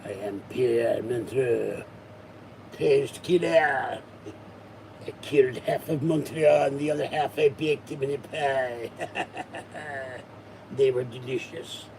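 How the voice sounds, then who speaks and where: A man voicing a toothless, crazed male French killer, with a slow, gummy mock French accent. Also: medium pitch, mellow, slight background noise, natural voice. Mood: gleeful menacing. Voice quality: gummy, lisping from no teeth.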